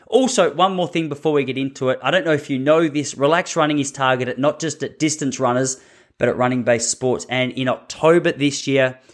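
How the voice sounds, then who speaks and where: A man hosts a running podcast in a mid-pitched voice. He talks in an upbeat, chatty way, slipping in jokes as he goes. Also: fairly quick. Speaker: podcast host. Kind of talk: casual podcast chat.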